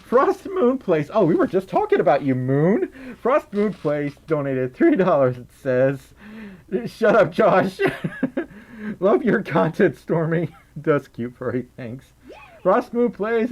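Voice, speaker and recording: Guy streamer kinda high voice, giggly and rambly, tired late night chat. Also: very animated, a little slow, a little mellow. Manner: giggly, rambling, laughs often. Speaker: livestreamer reading donations. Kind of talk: casual livestream chat.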